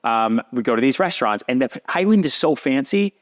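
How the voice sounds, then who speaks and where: A man in his thirties tells a story on a podcast. His voice sits at a middle pitch, and he jumps up high whenever he acts out the voices of other people. His delivery is casual and animated. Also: brisk. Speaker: podcast guest.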